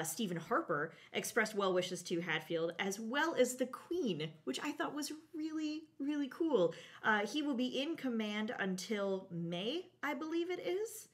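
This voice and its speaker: A woman's voice: medium pitch, fairly bright tone. A woman co-hosting a live online space show, sharing space news in an upbeat, enthusiastic way with fillers. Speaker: show co-host. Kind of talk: casual live show chat.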